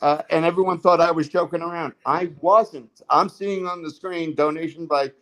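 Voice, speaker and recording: A man's voice: on the high side, steady tone, moderate pace, a bit bright, low-quality recording. A man telling stories in a casual livestream chat, rambling with many fillers and restarts.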